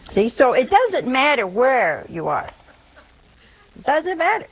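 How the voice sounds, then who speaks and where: A nun with a high-pitched voice gives a spiritual talk, conversational and gently teasing, often checking in with her listeners through rhetorical questions. The audio quality is poor.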